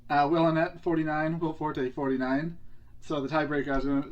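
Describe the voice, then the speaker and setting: Quizmaster on a casual podcast; a man with a slightly raised pitch who reads numbers in a matter-of-fact way. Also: little pitch movement, a little fast, highs cut off. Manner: runs the quiz, reads out numbers. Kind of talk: casual chat, reading out scores.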